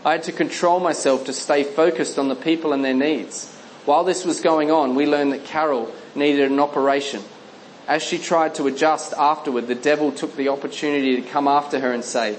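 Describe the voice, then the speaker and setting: A man reading a Christian memoir aloud as narrator, measured and earnest, slowing on key phrases. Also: fairly high pitch, fairly even intonation, slight background noise, poor audio.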